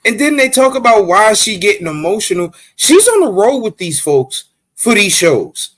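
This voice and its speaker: A man's voice: high-pitched, sing-song, moderate pace, fairly bright tone. A man co-hosting a casual podcast, blunt and profane, talking emphatically. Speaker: podcast co-host.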